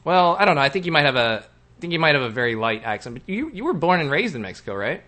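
A man's voice: on the high side, sing-song, fast, sharp tone. A man from Texas hosting a show, chatting casually and asking playful questions. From Texas, Houston area. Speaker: podcast host. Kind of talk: casual chat.

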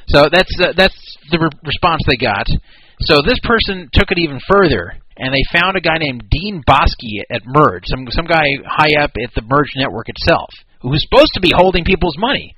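A man's voice: on the high side, animated, normal speed, pushed and bright, a little hiss or hum, low-quality recording. A man hosting a talk show, explaining and criticizing a business in casual commentary. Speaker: podcast host.

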